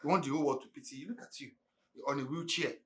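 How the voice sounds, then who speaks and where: A man's voice: a little high, racing, natural voice. An actor with a Nigerian accent playing a proud young driver who lectures his boss bluntly. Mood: shouting. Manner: lecturing, scolding loudly. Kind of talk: Nollywood film acting.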